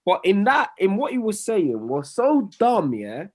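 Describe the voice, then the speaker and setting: A man talks in a casual podcast, his voice sitting a little high. He rants with slangy emphasis and animated energy. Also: measured pace. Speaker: podcast co-host. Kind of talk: casual chat.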